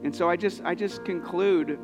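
Earnest pastor with restarts, hall reverb. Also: male voice, high-pitched, normal speed, over music. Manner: earnest, personal storytelling with many restarts. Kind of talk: sermon.

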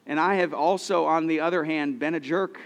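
A man's voice: a little high, steady tone, brisk, big-room sound. A man in his thirties preaching a sermon, telling personal stories in an earnest way, often restarting his sentences. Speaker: pastor.

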